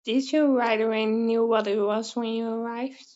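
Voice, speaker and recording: A woman interviewer asking short, soft-spoken questions. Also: a little high, fairly even intonation, normal speed. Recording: dull lo-fi sound.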